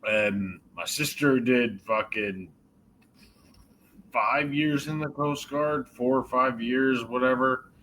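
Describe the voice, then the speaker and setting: Rambling, swearing man with bright voice. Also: medium pitch, slow, slight background noise, low-quality recording. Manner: rambling, swears often, fillers. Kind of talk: casual movie chat.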